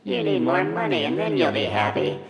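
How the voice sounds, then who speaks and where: A man putting on the slow, mocking voice of a tempter through a voice-changer microphone. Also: mid-range voice, animated, a crowd in the background. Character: tempting male voices of doubt and greed. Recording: echoey church with congregation.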